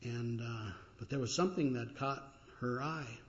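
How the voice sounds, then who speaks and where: A man preaching a sermon as pastor, earnest, with many fillers, slowing and lifting his voice when he quotes scripture. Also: medium pitch, muffled recording.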